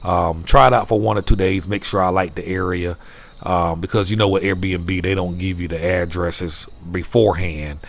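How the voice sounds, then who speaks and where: A man's voice: low-pitched, fairly even intonation, moderate pace, creaky. A man giving a casual video update from his phone at night, rambling, restarting and repeating words. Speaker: vlogger. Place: rented room at night.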